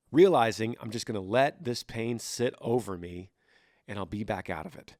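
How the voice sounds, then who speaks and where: A man's voice: on the low side, lively intonation, normal speed, a little mellow, no room sound, clean studio sound. A man hosting a podcast, giving earnest, rambling advice in a casual monologue and often repeating words as he searches for them. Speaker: podcast host.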